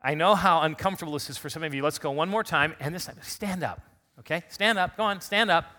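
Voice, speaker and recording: A male pastor preaches an Easter sermon in a church, easy and conversational, coaxing the congregation into responses. His voice is bright and sits a little high. He is back on his feet after a recent illness. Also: fast talker. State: recovering from illness. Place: church sanctuary.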